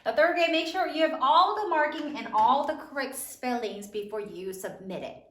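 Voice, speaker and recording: A woman teacher giving a slow, sing-song spelling lesson to third graders. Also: high voice, a bit bright, reverberant, slight background noise.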